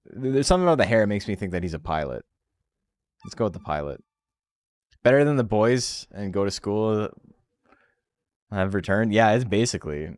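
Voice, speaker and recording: Low-voiced dude streaming a game, chatty and wry, voice jumps around a lot, faint music behind. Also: male voice, expressive, moderate pace, pauses often, no echo. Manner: reads game text aloud, wry and offhand. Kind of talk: casual game commentary.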